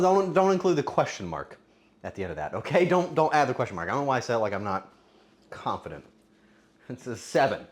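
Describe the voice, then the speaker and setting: A man streaming casually while cooking and tasting, joking crudely and bursting into loud exclamations. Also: on the high side. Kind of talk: casual cooking livestream chatter.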